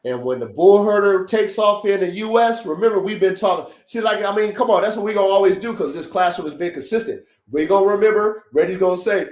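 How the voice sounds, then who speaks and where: A high-voiced man hosting a dog podcast on a livestream, preaching to his listeners in short, repetitive, swear-laden bursts. His voice rings in a roomy, echoey space. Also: fast, hardly any pauses. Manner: emphatic, preachy, repetitive pep-talk with profanity. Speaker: podcast host, dog breeder. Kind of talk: casual livestream podcast talk. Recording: roomy echo.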